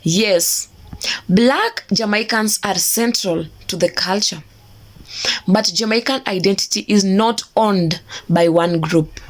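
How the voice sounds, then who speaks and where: A woman giving a scripted explainer narration in a measured, emphatic, declarative way. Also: mid-range voice.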